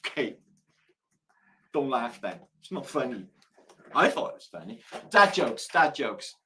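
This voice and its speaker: A man's voice: mid-range voice, very animated, a little slow, pushed and bright, a little hiss or hum. A man hosting a live stream, chatting casually, swearing freely and telling dad jokes. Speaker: livestream host.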